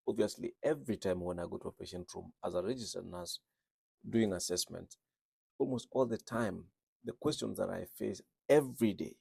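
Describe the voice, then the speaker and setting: A man's voice: lowish voice, gravelly, darkish tone, slightly rough, no room sound. A man working as a registered nurse, English not his first language, talking earnestly and repeating phrases for emphasis. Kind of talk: reflective talk on speaking with an accent.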